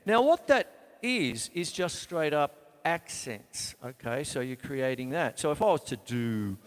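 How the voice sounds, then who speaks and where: Australian drum teacher counting beats aloud. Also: male voice, on the high side, big pitch swings, measured pace. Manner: casual, counts beats aloud while playing. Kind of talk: live online drum lesson. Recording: reverberant room with loud drums.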